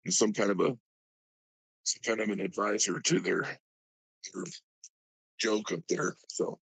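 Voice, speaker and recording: A man from Alabama calling into a live stream, talking casually and haltingly with many fillers and restarts. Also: on the low side, fairly even intonation, gravelly, slightly rough, no echo, poor audio. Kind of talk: casual chat.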